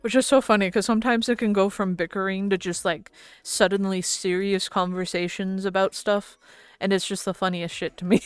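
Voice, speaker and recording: A woman's voice: mid-range voice, steady tone, fairly quick, clear, resonant tone, no room sound, faint music behind. A woman streaming, chatting casually and giggling with her viewers, swearing now and then. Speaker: VTuber streamer.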